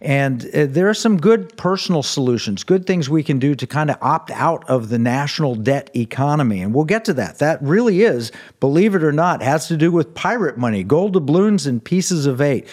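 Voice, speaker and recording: A man's voice: on the high side, lively intonation, normal speed, hardly any pauses, a little mellow. A man hosting a talk radio show, explaining with earnest conviction and frequent fillers and restarts.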